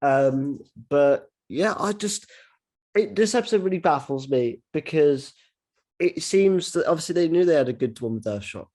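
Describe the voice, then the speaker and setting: Excitable man hosting a casual podcast. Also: on the high side, moderate pace. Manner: excitable, lots of restarts and swearing. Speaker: podcast host.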